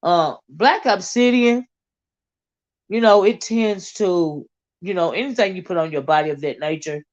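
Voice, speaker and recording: A woman's voice: on the low side, measured pace, lo-fi sound. A woman with a Southern American accent, hosting a casual livestream and chatting loosely with lots of fillers and restarts. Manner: rambling, many fillers and restarts, Southern Black American vernacular turns. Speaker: livestream host reading comments.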